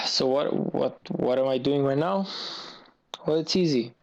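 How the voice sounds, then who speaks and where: A man's voice: mid-range voice, slow pace, creaky, a bit bright, dull audio. A man giving gameplay commentary, venting in an agitated, repetitive way as a gaming YouTuber.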